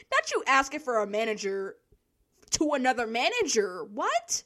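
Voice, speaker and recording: A woman's voice: a little high, wildly swooping pitch, moderate pace, pushed and bright. A young woman, telling a work story in a casual, profane monologue, laughing often and acting out the people she quotes.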